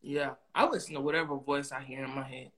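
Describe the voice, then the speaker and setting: A woman's voice: extremely low pitch, steady tone, fast talker, noisy background. A woman co-hosting a casual podcast who gives short replies and laughs easily.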